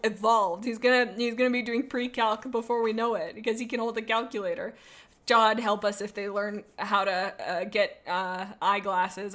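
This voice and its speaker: A woman's voice: on the high side, a bit bright. Woman, streamer, casual live-stream chat, playful, goofy, rambling, self-interrupting. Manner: rambling and self-interrupting, with many restarts and asides.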